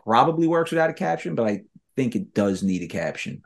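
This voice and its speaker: A man's voice: medium pitch, very animated, fairly quick, vocal fry. A man hosting a podcast in casual chat, leading the talk and asking the others questions. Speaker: podcast host.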